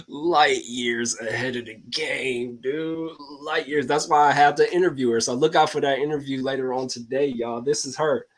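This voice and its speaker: A man hosting a casual talk to his viewers, excitable and slangy, laughing often and calling out to the audience. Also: medium pitch, measured pace. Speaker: host.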